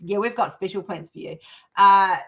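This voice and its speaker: A woman's voice: mid-range voice, normal speed, highs cut off, a crowd in the background. A woman hosting a casual live chat, gushing and laughing often. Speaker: host.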